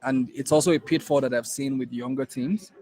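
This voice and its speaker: A man's voice: medium pitch, fairly even intonation, brisk, darkish tone, poor audio. A man with a Nigerian accent teaching a class in an emphatic way, repeating key points to drive them home. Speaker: innovation program instructor. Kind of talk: classroom lecture.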